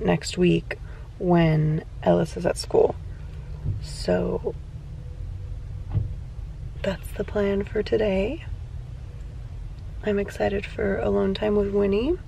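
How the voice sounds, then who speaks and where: Gravelly-voiced mother vlogging at home. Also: medium pitch. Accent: Californian English. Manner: soft, affectionate, talks through plans. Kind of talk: casual home vlog narration.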